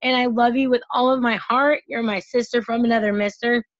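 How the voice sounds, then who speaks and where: A woman's voice: fairly high pitch, fairly even intonation, fairly quick, no room sound, lo-fi sound. A woman team leader giving an emotional, effusive tribute in a folksy, heartfelt way. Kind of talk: heartfelt tribute on a video call.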